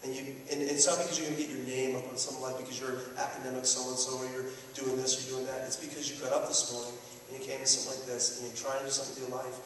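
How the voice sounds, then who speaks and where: A middle-aged man giving a motivational speech to students, telling stories emphatically and swinging from hushed to loud. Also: medium pitch, level tone, fast talker, hardly any pauses, slight background noise. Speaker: motivational speaker. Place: large hall. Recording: echoey hall, mic heard from far off.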